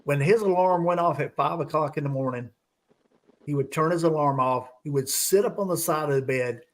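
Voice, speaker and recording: A man's voice: a little high, brisk. A man hosting a live casual group chat, telling stories in a laid-back way. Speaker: live show host.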